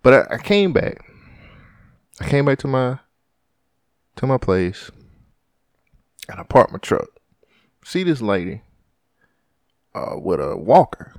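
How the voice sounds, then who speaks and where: A man telling a story in casual chat, animated and acting out the voices of the people in it, swearing often. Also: mid-range voice, takes it slowly, long pauses, no room sound, studio quality. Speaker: podcast co-host.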